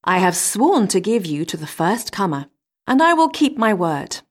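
A woman's voice: mid-range voice, sing-song, moderate pace. Woman doing a strict old king giving orders, storybook style. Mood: stern. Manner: stern and commanding. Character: stern old king keeping his vow.

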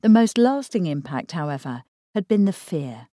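A woman narrating a thriller novel in a steady, measured read. Her voice sits low and sounds mellow and warm, recorded close and dry with no room echo. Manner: measured, even storytelling. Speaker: audiobook narrator. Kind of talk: scripted narration.

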